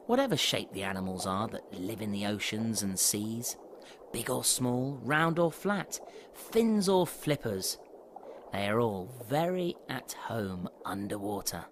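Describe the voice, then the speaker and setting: Slow, lively man narrating for children. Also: on the low side, slight background noise. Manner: warm, questioning, storybook tone.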